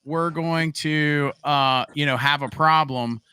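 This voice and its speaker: A man hosting a live-streamed interview, relaxed and hesitant, who talks to the viewers in the chat. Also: fairly high pitch, slow, clean tone. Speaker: interview host.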